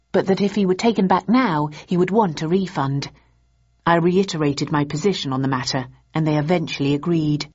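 Husky woman reading an audiobook. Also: fairly low pitch, a little mellow, lo-fi sound. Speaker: audiobook narrator. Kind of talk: scripted first-person narration.

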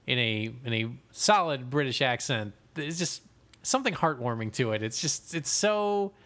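A man's voice: medium pitch, moderate pace. A man with a nasal Midwestern accent co-hosting a podcast in casual, swearing banter. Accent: American Midwestern. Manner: animated, swearing, laughing. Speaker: podcast co-host.

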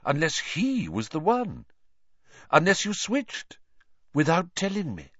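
Calm, measured weary teacher, read by a man. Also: fairly high pitch, slightly rough, dry recording, dull audio, voice pushed up, full character voice. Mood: strained. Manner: measured, quiet, restrained. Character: calm weary male teacher, gentle but firm.

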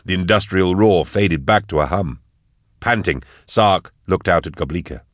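A male audiobook narrator with a deep voice reads scripted narration at a moderate pace. The recording is studio quality with no room sound.

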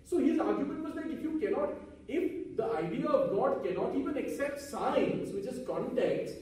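A man's voice: very high-pitched, expressive, moderate pace, darkish tone. A man giving an earnest public talk on Vedanta to an audience, posing rhetorical questions. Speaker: speaker on Vedanta. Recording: echoey hall, mic from far off.

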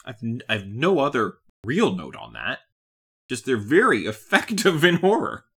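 A woman co-hosting a podcast, chatting casually about a cartoon series, animated and laughing often. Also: rumbling low, unhurried, slightly rough. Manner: animated, laughs often, puts on silly voices. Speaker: podcast co-host.

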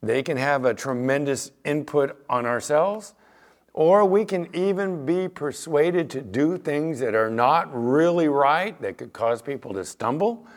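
A middle-aged man preaching a sermon as pastor, telling stories with lively acted-out quotes. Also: medium pitch. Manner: animated storytelling with acted-out quotes.

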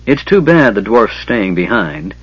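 A man's voice: lowish voice, very animated, a little slow, slightly rough, no room sound, exaggerated voice. A man voicing a big, good-natured male warrior with a hearty manner. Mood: musing. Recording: dull lo-fi recording.

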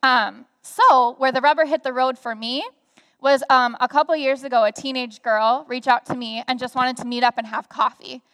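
A young woman speaking on stage, telling a story in a chatty, animated way with many fillers. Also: sits high, moderate pace. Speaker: guest speaker. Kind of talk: conversational sharing on a church stage. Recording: reverberant hall sound.

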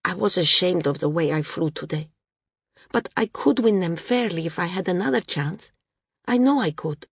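A woman's voice: fairly low pitch, animated, normal speed, husky, no room sound, studio quality. A woman voicing a young female flyer who speaks hesitantly and uncertainly.

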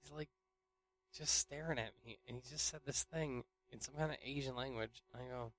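A young storyteller with a mid-range voice rambles casually through an anecdote at normal speed. He keeps restarting sentences and swings from loud bursts down to near mumbles.

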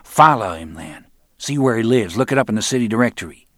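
A man's voice: on the low side, animated, brisk, a bit bright, no echo, clean studio sound, pitched above the performer's own voice. A man voicing a crude, bossy gangster in an audiobook, giving orders impatiently. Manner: commanding, impatient.

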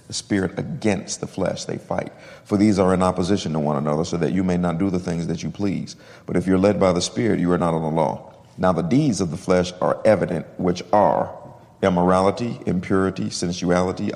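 Low-voiced man preaching, echoey hall. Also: gravelly, a little mellow. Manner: reads scripture slowly, stresses key words. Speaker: pastor. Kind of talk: sermon teaching.

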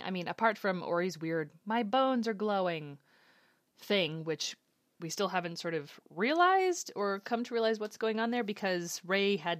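A woman talks through an episode recap in a casual, unscripted way, hedging and thinking aloud as she goes. Her voice sits at a middle pitch and sounds dry and close, with no room echo. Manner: thinking aloud, hesitant, many asides.

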